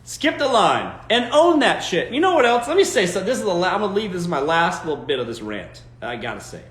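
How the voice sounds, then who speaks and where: A man's voice: high voice, big pitch swings, quick pace, a bit bright, roomy sound. A man hosting a live stream, giving dating advice in a blunt, emphatic rant and swearing freely. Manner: blunt, emphatic, swears, mocking quoted voices.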